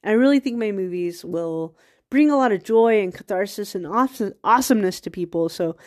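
A woman's voice: medium pitch, lively intonation, fairly quick, darkish tone. A woman hosting a podcast, talking in a rambling casual monologue with laughing asides, a bit stuffy from a cold. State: has a cold, occasional coughs. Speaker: podcast host.

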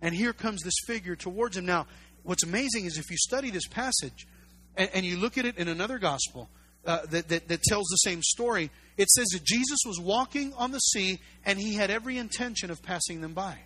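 A pastor preaching a sermon, emphatic and repetitive, full of rhetorical questions. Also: male voice, sits high, lively intonation, brisk, bright, forceful tone.

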